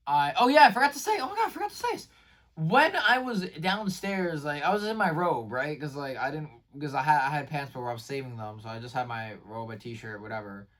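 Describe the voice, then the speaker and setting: A man recapping his day in a casual vlog, rambling and excitable, with lots of fillers and restarted sentences. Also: medium pitch, distant mic. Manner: rambling, filler-heavy, says "like" and "bro" constantly. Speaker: vlogger.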